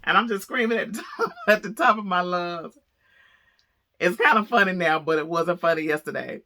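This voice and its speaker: Chatty woman vlogger, bright sharp voice, telling a story with laughs. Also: fairly low pitch, normal speed. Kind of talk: casual storytelling to camera.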